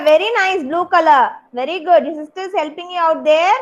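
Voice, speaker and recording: With a very high voice and a slightly fast delivery, a young Indian English-accented woman leads kindergartners through a craft activity on a video call, praising every child by name. There's noise in the background.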